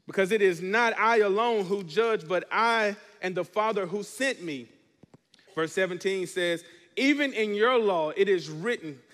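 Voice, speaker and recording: A man's voice: high-pitched, a bit bright, long reverb tail. A man preaching a sermon as pastor, reading scripture and calling on the congregation to respond. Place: church.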